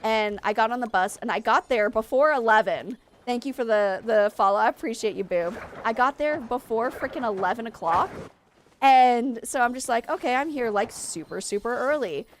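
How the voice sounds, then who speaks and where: A woman's voice: fairly high pitch, moderate pace, a little hiss or hum. A woman game streamer, tired from lack of sleep, chatting in a rambling way full of fillers. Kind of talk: casual chat while streaming gameplay.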